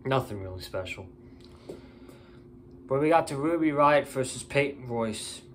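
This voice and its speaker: A man's voice: mid-range voice, lively intonation, a little slow, a little hiss or hum. Tired, blunt man ranting in a review. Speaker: wrestling show reviewer. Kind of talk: casual opinionated review.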